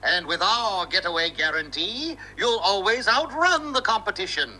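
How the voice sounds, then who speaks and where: Male ad announcer, high and bouncy, hard-sell commercial read over loud ambient noise. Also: expressive, moderate pace. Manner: punchy, salesy announcer delivery.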